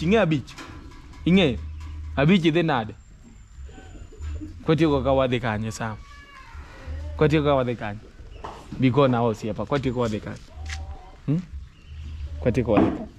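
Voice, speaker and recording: A man's voice: a little high, darkish tone, slight background noise. A man talking casually to camera in broken English and coaxing his young children, in a home family vlog. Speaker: vlogger.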